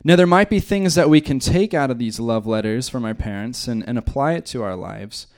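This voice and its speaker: Man, from the US, bible teacher, conversational, joking asides, middle pitch. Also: animated, a little fast, a little mellow. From United States. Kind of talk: church teaching.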